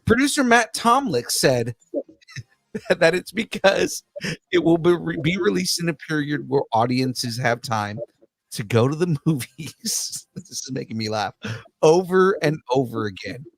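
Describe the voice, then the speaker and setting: A man's voice: fairly high pitch, big pitch swings, unhurried, gravelly, no room sound. Ranting, laughing male podcast host. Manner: ranting, laughs mid-sentence. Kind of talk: casual pop culture chat.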